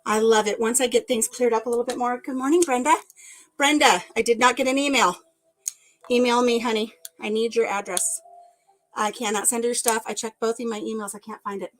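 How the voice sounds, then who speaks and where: A woman's voice: a little high, fairly even intonation, brisk, slight background noise, poor audio. A woman vlogger chatting casually to her live viewers while she tidies a craft room. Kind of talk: casual live-stream chat.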